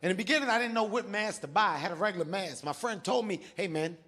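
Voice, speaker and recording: A man performing a stand-up comedy set, loud and animated, shouting his punchlines. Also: high voice, fast talker.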